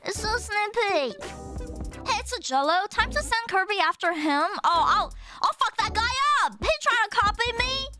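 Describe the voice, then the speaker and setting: A woman's voice: very high-pitched, animated, moderate pace. A young woman from Canada chatting on a live stream, sleepy, giggly and swearing as she answers her chat. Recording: loud music playing underneath. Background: loud background music.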